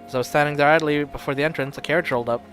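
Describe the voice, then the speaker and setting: A man streaming and reading a story game aloud in steady first-person narration, with occasional slips. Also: a little high, racing, soft background music.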